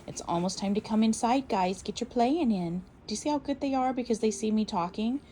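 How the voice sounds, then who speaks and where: A woman trainer giving casual, calm and encouraging instruction on raising puppies. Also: on the high side, brisk, rough recording. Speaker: puppy trainer. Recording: steady background noise.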